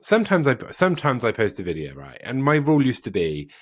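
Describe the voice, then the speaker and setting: A man's voice: mid-range voice, wildly swooping pitch, quick pace. A man with a British accent, hosting a podcast and chatting in a casual, self-deprecating way. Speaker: podcast host. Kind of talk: casual conversation.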